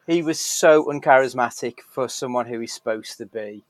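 A man's voice: medium pitch, moderate pace, a little hiss or hum, rough recording. A man hosting a casual podcast chat, blunt, opinionated and freely profane. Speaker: podcast host.

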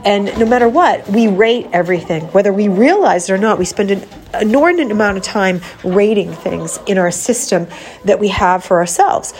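A woman's voice: medium pitch, normal speed, darkish tone, slight background noise. A woman host and mindset coach with a nasal voice from a cold, talking in a casual, conversational way. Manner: conversational, with fillers and restarts. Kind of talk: casual chat.

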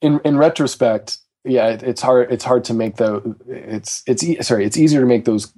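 A man's voice: medium pitch, normal speed, warm tone. A man who teaches jazz, talking casually about practice with frequent restarts and fillers. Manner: hesitant, many restarts, laughs easily.

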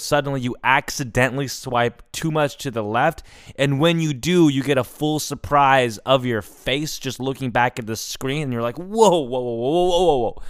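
Man, comedy podcast host, animated storytelling, swears a lot, smooth crisp voice, dry close sound. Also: medium pitch, no echo. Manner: animated, profane, prone to tangents.

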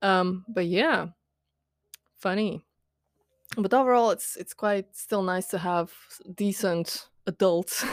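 A young woman podcast host with a lowish voice rambles through a casual, diary-style rant heavy with fillers. Candid and quick to mock herself, she laughs frequently. The recording is dry, with clean studio sound.

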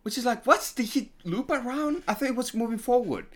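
Lively questioning man on a podcast. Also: very high voice, brisk. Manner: questioning, stammering restarts. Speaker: podcast co-host. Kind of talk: casual film review chat.

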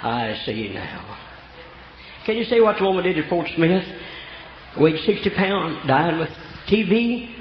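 A man's voice: high voice, normal speed, slight background noise. An older man preaching a folksy storytelling sermon, from Oklahoma, with homespun rural grammar. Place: church. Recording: echoey church room, dull lo-fi sound.

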